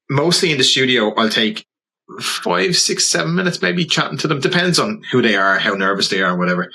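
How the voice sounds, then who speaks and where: A man with a Dublin accent, a portrait photographer and podcast guest, telling animated stories in casual conversation. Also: lowish voice, slight background noise, poor audio. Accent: Dublin Irish. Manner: animated, anecdotal, slips into quoted voices.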